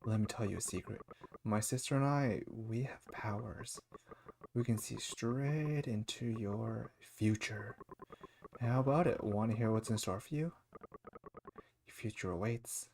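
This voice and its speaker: A man voicing a mysterious young fortune-teller woman in a game. She talks hushed and slow, drawing out her prophecies with drama. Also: lowish voice, gravelly, slight background noise.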